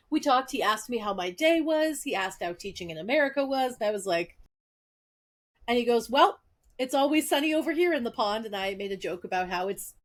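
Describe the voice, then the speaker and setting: A young adult woman co-hosting a podcast, chatting casually and acting out the dialogue in her stories. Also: medium pitch. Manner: lively, acts out quoted dialogue. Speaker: podcast co-host. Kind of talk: casual chat, animated storytelling.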